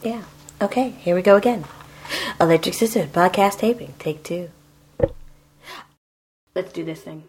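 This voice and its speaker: A woman's voice: on the low side, moderate pace, pauses often, a little mellow, a little hiss or hum. Joking woman podcast host. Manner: bossy, joking, directs the takes. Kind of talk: casual podcast banter.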